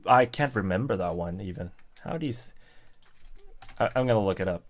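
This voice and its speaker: This livestream host from Sweden talks at a normal speed with a medium pitch and a steady tone. His casual chat with viewers is halting, peppered with fillers and frequent restarts.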